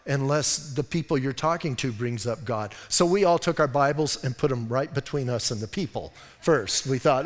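A man's voice: a little high, expressive, normal speed, fairly bright tone. A man preaching a sermon as pastor in an emphatic, conversational way, often urging the listeners to listen and acting out little scenes. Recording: long hall reverb.

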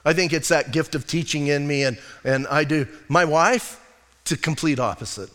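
Man, middle-aged pastor, conversational sermon, high voice, long church-hall reverb. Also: normal speed. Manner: animated, joking, candid about his own faults.

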